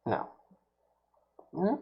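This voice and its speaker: A man's voice: very slow, dull audio. A man streaming while he builds a prop, talking casually and muttering to himself, with mild self-scolding as things go wrong.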